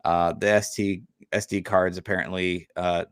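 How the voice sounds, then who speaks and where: A man's voice: low voice, little pitch movement, normal speed, smooth, no echo, studio quality. A man co-hosting a parenting podcast, talking casually with many fillers and restarts. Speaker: podcast co-host. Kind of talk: casual chat.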